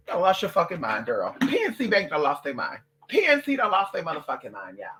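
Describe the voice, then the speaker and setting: An adult vlogger ranting to camera, loud and profane, swearing constantly and slipping into mocking voices for other people. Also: mid-range voice, huge pitch swings, quick pace, few pauses, noisy background. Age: adult, parent of a toddler.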